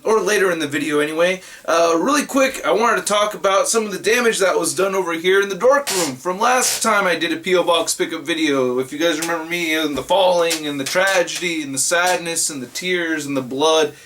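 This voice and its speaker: A young adult man chatting casually to camera about his collectibles room, animated and jokey. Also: fairly high pitch, slight background noise. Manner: animated, jokey, loud greetings. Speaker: vlogger, toy collector.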